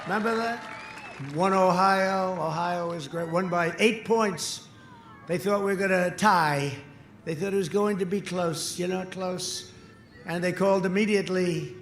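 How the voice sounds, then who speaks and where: Older man, 70s, high-pitched rally speaker, boastful and repetitive, booming echo over faint crowd noise. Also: normal speed. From United States. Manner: boastful, repetitive, swings between shouting and quiet asides. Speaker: political candidate. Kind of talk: campaign rally speech.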